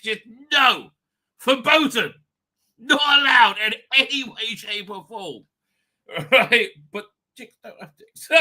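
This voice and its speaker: Lively, bright-voiced man rambling crudely. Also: high-pitched. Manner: crude, rambling, laughs often. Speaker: live-stream host. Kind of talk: rambling live-stream chat.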